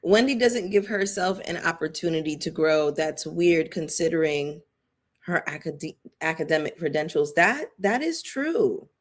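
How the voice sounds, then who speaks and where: A woman hosting a casual live-chat commentary stream, chatting loosely with frequent fillers, shout-outs and asides to viewers. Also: low voice, lively intonation, a little slow. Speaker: YouTube commentary host.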